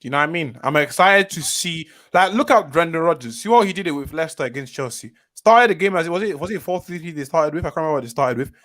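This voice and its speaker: A young man, talking fast and slangy with lots of hype. His voice sits high for a man, and the words tumble out quickly in loose live-stream fan chat. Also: lively intonation, a bit bright. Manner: hyped, heavy street slang, rapid. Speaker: co-host fan pundit.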